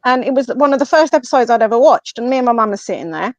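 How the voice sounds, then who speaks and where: A woman with an English accent, a guest on a podcast, telling a personal story in a casual, animated way and acting out what others said. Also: on the high side, racing, no room sound. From England. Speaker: guest, medium and paranormal investigator. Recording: slightly muffled, dry lo-fi audio.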